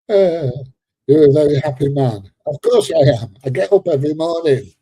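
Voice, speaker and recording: A man's voice: on the high side, warm tone, slightly rough, dry recording. A man of seventy, chatting casually on a live stream, joking and laughing as he reads out viewer comments, a little congested. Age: 70s. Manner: chatty and joking, laughs often, drops into slang. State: a bit congested.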